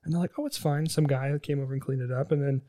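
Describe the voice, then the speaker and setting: A man's voice: medium pitch, little pitch movement, quick pace, mellow. A young man in his twenties telling rambling, profane stories in casual chat, acting out the people he quotes.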